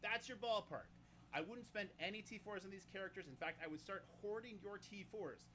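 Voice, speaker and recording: A man narrating a game guide in a brisk, instructive and confident manner. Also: high voice, sharp tone, a little hiss or hum.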